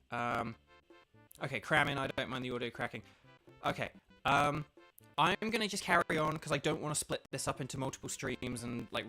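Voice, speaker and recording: A man's voice: mid-range voice, sharp tone. An English man from England chatting hesitantly to his live-stream chat from a home setup, with lots of filler words. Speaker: game streamer. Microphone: laptop streaming setup.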